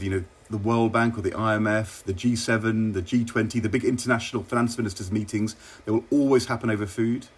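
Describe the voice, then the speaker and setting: A middle-aged man from England, a former minister, telling wry, measured stories in an interview. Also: on the low side, husky. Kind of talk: relaxed interview anecdotes.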